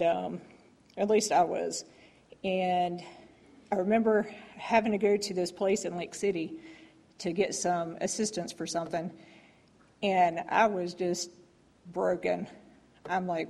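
A woman sharing a heartfelt personal testimony at church, rambling with many pauses and restarts. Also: lowish voice, darkish tone. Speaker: church member giving testimony.

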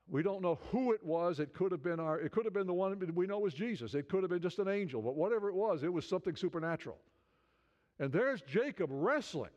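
A man preaching a sermon in a conversational way, stumbling over restarts and building to fervent appeals. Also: high voice. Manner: conversational preaching, many restarts, rising fervor. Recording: dull lo-fi sound.

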